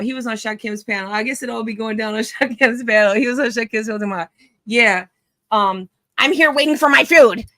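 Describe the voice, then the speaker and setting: A woman's voice: a little high, a bit bright, dry recording. A woman hosting a casual online chat, telling a story in a blunt, mocking way. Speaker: host.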